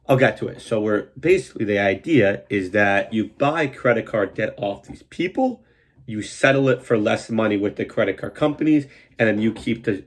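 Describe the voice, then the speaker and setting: A man telling a comic story about an old job, swearing a lot and acting out what people said in a raised, excited voice. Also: breathy edge. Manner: animated, swears a lot, acts out quotes in a higher voice. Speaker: comedian host telling a story. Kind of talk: profane comedic storytelling.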